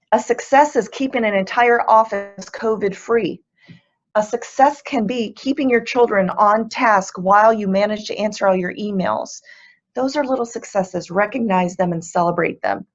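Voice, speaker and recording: A woman gives a motivational talk as a webinar guest speaker, earnest and upbeat as she works through numbered tips. Her voice sits at a middle pitch. The audio is a bit muffled and lo-fi, like a video call.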